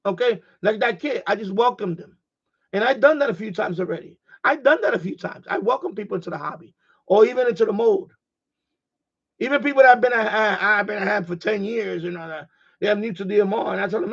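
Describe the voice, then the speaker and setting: A man's voice: high voice, fairly quick, gravelly, fairly bright tone, husky, dull audio. A man hosting a casual ham radio live stream, rambling and repeating himself as he gets heated.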